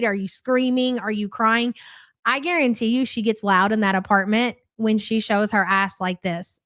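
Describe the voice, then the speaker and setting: A woman's voice: a little high, no echo, studio quality. Sarcastic woman hosting a live reaction stream. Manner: sarcastic, blunt, calls viewers "hun". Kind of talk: casual live commentary, reading viewer chats.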